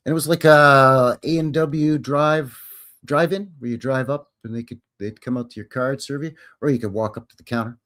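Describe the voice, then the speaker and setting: A man's voice: mid-range voice, fairly even intonation, moderate pace, fairly bright tone. A man hosting a casual live stream, rambling in a folksy way and chuckling as he answers viewers' questions.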